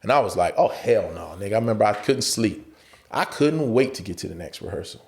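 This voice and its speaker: A man's voice: on the low side, animated, fairly quick. A man in his forties, an actor guest telling a story on a podcast, laughing often and acting out the voices of other people.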